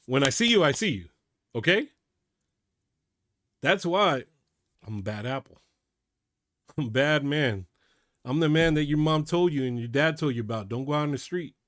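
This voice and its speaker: A man's voice: a little high, animated, moderate pace, pauses often, no echo. Fired-up man ranting, dry close sound. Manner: worked up, repeats "man" often; emphatic, drops loud to quiet. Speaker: channel host. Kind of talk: reaction video rant.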